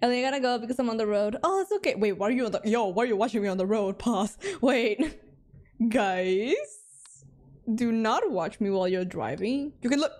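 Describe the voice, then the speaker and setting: A woman's voice: on the high side, moderate pace, a little mellow. A woman streaming a horror game, talking to her chat with jumpy, dramatic reactions and frequent laughs. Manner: talks to chat. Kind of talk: live game commentary.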